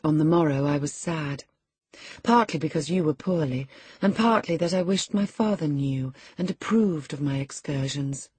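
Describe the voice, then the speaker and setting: A woman voicing a spirited, proud young woman who tells her story in a lively, scornful way. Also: sits low, moderate pace, husky, dry recording. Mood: animated.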